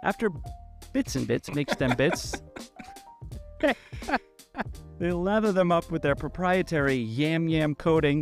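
Man, podcast co-host, sponsor ad read, deadpan absurd asides, fairly high pitch. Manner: deadpan absurd jokes inside ad copy.

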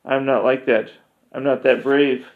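A man voicing a young grieving village woman who gives plaintive, halting replies. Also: medium pitch, flat delivery, creaky. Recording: dull lo-fi recording.

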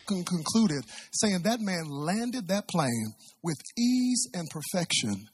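Husky-voiced dramatic preacher. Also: male voice, high-pitched, big pitch swings, slow. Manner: dramatic storytelling, big swings in volume. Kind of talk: sermon.

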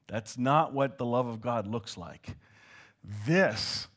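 Lively Canadian man preaching. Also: medium pitch, slightly rough. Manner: animated and joking, dropping to hushed tones. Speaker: pastor. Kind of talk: sermon.

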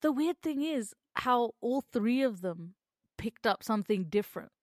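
A woman's voice: a little high, lively intonation, normal speed, no echo, clean studio sound. A young woman and mother co-hosting a podcast in casual chat, reacting readily, laughing easily and swearing casually. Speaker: podcast co-host.

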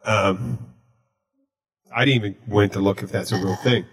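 A man hosting a podcast, telling a story in a casual, deadpan way. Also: fairly low pitch, normal speed. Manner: deadpan, recounting jokes he told. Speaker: podcast host.

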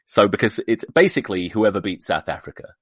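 A sweary man hosts his own podcast in a lowish voice, dripping with sarcasm and exasperation. The recording is dry and close, with no room sound around him. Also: big pitch swings, brisk, fairly bright tone, dry recording. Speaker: podcast host. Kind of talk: solo podcast rant.

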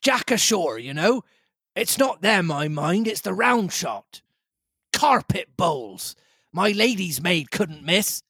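A man reading aloud voices a brisk, commanding ship's captain who barks orders. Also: big pitch swings, breathy edge, dry recording, studio quality, exaggerated voice. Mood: urgent, brisk. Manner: sharp barked orders, raised pitch.

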